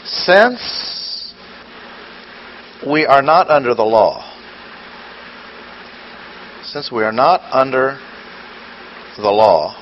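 A man's voice: medium pitch, expressive, very slow, long pauses, slight background noise. A man preaching a sermon, asking rhetorical questions and repeating his points for emphasis. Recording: dull lo-fi recording with faint ambience.

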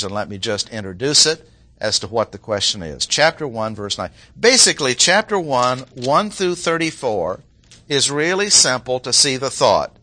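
A man preaching an expository sermon, emphatic, clearing his throat now and then and acting out quoted lines. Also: mid-range voice, pushed and bright. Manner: clears throat often, restarts phrases.

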